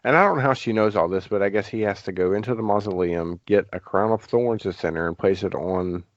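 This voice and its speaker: A man's voice: lowish voice, fairly quick, no echo, muffled recording. A man hosting a podcast, casually recapping a film with lots of fillers and hedges. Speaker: podcast host. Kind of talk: casual movie discussion.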